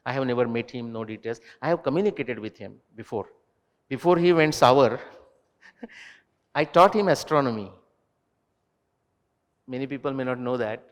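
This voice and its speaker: A man answering student questions at a university talk, animated and digressive, turning to quiz the audience directly. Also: mid-range voice, normal speed, long pauses, long reverb tail. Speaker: invited speaker. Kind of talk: lecture Q&A with students. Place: university lecture hall.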